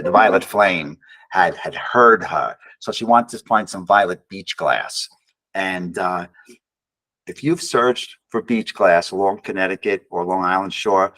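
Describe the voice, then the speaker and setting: A man's voice: sits low, a bit bright. A man, an author and guest speaker, telling a personal story with wry humor, often restarting and acting out quoted voices. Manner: rambling, self-correcting, acts out quoted voices.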